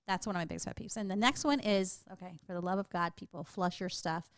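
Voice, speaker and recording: A woman's voice: lowish voice, fast, clear, resonant tone, no echo. A middle-aged woman with a Texan accent, co-hosting a podcast and telling stories in a chatty way, laughing often. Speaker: podcast co-host. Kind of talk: casual chat.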